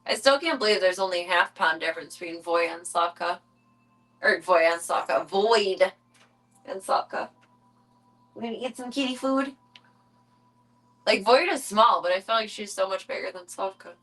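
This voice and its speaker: A woman streaming casually from home, chatting to viewers and cooing baby talk at her kittens, her voice jumping high when she talks to them. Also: normal speed, pauses often, a bit bright, rough recording. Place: home room with cat enclosure.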